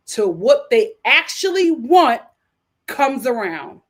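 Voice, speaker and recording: A woman hosting a casual livestream, giving animated, opinionated reactions and talking straight to her chat. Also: on the high side, slow. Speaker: livestream host. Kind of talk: casual reality-show review livestream.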